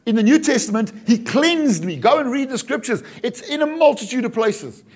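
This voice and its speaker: Pastor, middle-aged man, high voice, animated preaching with jokes and calls to the congregation. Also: normal speed. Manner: animated, jokey preaching with acted-out asides and calls of "Amen?". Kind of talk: sermon.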